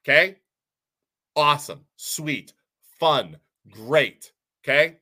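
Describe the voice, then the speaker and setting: A man's voice: sits high, expressive, moderate pace, sharp tone. A man from Ohio delivering a heated, sarcastic rant as a local commentator, sounding a bit sick. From Poland, Ohio, USA. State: sick, unwell. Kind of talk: ranting monologue.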